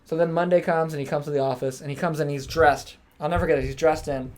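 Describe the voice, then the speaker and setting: A young man hosting a podcast, telling a story in casual chat, acting out quotes and swearing freely. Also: fairly high pitch. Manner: fast, animated, swears freely, acts out quotes. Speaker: podcast host.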